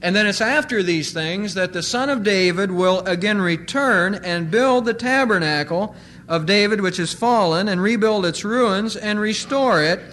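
A man with a high-pitched voice preaches a sermon as pastor, drawing out key words for emphasis. A faint hiss sits under the recording. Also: fairly bright tone. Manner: emphatic, stressing single words slowly.

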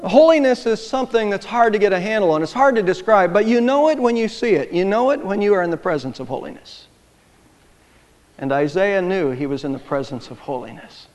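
High-voiced man preaching in a reverberant hall. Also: lively intonation, brisk, a little mellow. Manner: emphatic preaching that swells in volume on key phrases. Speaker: pastor. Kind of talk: sermon.

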